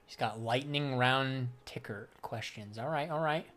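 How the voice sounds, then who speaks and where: His voice is medium in pitch, a bit bright, and a little slow. He's a young adult man, a livestreamer and crypto trader, casually chatting about trading and responding to viewers, laughing frequently while using loose, profane slang.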